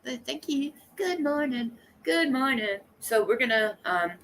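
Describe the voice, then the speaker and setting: A woman hosts a casual livestream, rambling bluntly from one point to the next. Her voice is bright and lively, rising and falling freely, with faint noise behind her. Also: high voice, measured pace. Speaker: livestream host.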